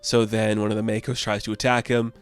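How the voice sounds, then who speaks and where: Chatty low-voiced man reviewing comics. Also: level tone, fairly quick, clear, resonant tone, soft background music. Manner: chatty and upbeat, laughs often, small restarts.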